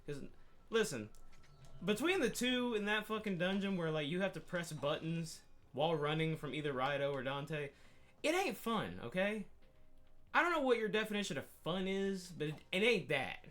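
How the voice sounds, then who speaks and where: A man telling a rambling, profane story in a casual gaming chat, animated and quick to swear. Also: sits high. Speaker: podcast co-host.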